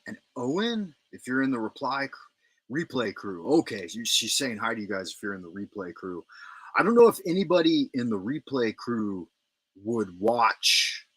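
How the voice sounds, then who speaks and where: A man's voice: lowish voice, a bit bright, slightly rough, dry recording. A middle-aged man hosting a casual livestream from home, rambling, repeating himself and thanking viewers. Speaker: livestream host.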